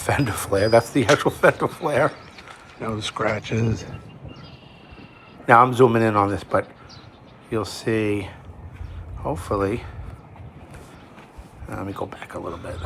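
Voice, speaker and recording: A man with a fairly low voice talks through a video walkaround of his truck. His tone is relaxed as he points things out one by one. A faint hum of background noise sits under his voice. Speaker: customer narrating his own video. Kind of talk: casual narration over a video walkaround.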